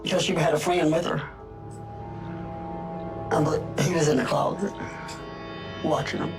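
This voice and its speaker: A man, recounting a family crime in a plain-spoken, unhurried testimonial interview. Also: on the high side, steady tone, rough recording. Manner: plain-spoken, slow storytelling with grammar from his home region. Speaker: interviewee, sibling of the suspect. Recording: loud music bed underneath. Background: music.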